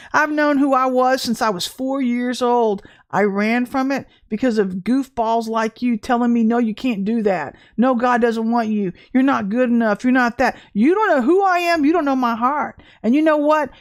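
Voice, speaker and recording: A woman from Texas giving an impassioned, blunt spiritual talk to the camera, emphatic and laughing between points. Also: a little high. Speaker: Christian ministry speaker.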